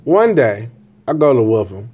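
A man in his forties speaking at a medium pitch and talking straight to the listener about fatherhood. His delivery is blunt and unpolished, with profanity and a habit of tossing in "right?" to check that the listener is following. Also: big pitch swings, moderate pace, breathy edge, muffled recording. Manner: blunt, candid storytelling with constant "right?" check-ins and profanity. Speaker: father sharing parenting views. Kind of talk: casual monologue to camera.

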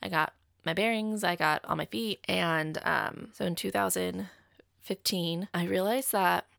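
Young adult woman, gravelly fry, close dry sound, chatty storyteller. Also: fairly low pitch, steady tone, unhurried, a bit bright, no echo. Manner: chatty, fills talk with "like". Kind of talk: casual personal story.

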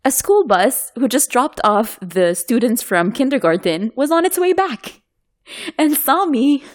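Laughing, animated woman telling a story. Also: high-pitched, a little slow. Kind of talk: casual chat.

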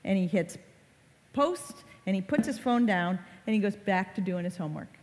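A woman's voice: mid-range voice, animated, moderate pace, darkish tone. Middle-aged woman telling a story in a reverberant hall. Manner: conversational, dramatic storytelling with fillers. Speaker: speaker on social media safety. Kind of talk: storytelling public talk.

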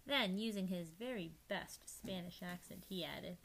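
A woman reading a children's storybook aloud, lively and playful, sometimes dropping to a hushed whisper. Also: fairly low pitch, a little slow, gravelly, few pauses, slight background noise, rough recording. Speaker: reader.

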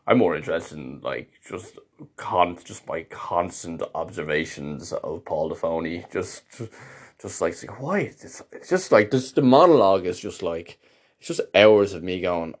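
A man's voice: low voice, big pitch swings, unhurried. A man delivering a casual, meandering monologue, wry and self-interrupting as he talks. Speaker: monologue host.

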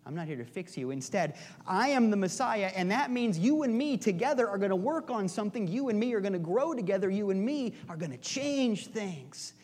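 A man minister voicing a calm male teacher who speaks plainly and earnestly to his followers, in his own high voice. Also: a little fast, few pauses.

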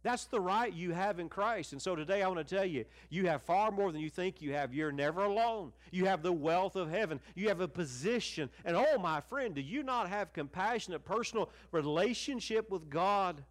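Fervent high-voiced man preaching a sermon. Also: expressive, moderate pace, few pauses. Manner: fervent preaching with wide swings in pitch and loudness, dropping to near-hushed lines. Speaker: pastor. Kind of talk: televised sermon.

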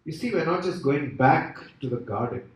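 A man preaching a sermon with an expressive, rising and falling delivery and many rhetorical questions. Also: a little high, normal speed. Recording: echoey hall from far off.

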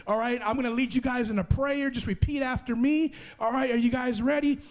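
Confident young believer taking charge, preacher voicing him, high bright delivery, steady and encouraging. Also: male voice, a little fast. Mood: leading. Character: confident young male Christian friend, calm leader.

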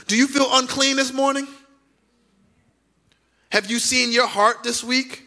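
Male pastor, high voice, bright tone, sermon, emphatic drawn-out words, questions the congregation. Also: steady tone. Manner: preaching with dramatic pauses and emphatic drawn-out words; conversational, asks the congregation direct questions. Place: church sanctuary.

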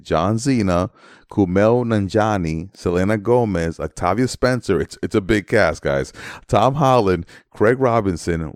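A man's voice: fairly low pitch, a little mellow, no room sound, studio quality. A man co-hosting a podcast, reading out film details in a matter-of-fact way. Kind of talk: casual chat, reading notes.

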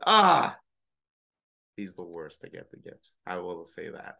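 A man co-hosting a podcast, telling animated stories in casual chat, swearing freely and mimicking others. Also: low voice, slow, vocal fry. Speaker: podcast co-host.

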